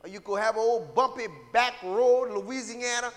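A man's voice: extremely high pitch, steady tone, normal speed, fairly bright tone, a little hiss or hum. A man preaching a sermon to his congregation, emphatic and constantly checking in with "all right?" and calling out to the room. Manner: calls out to the congregation. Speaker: pastor. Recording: reverberant hall.

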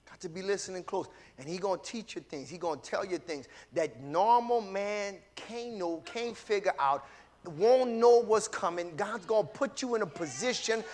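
A male preacher delivering a sermon with call-and-response, mixing casual talk with sudden shouted bursts. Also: sits high, moderate pace. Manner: casual conversational preaching with laughter.

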